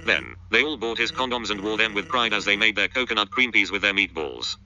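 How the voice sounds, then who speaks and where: A man narrating an absurd comic story in a flat, deadpan read-aloud. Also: lowish voice, a little fast. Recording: dull, muffled lo-fi recording.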